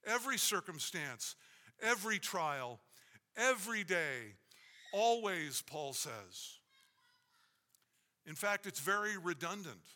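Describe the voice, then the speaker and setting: A man's voice: high voice, sing-song, takes it slowly, pauses often, pushed and bright. A man preaching a sermon as a pastor, emphatic and repetitive in his cadence. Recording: long reverb of a large hall.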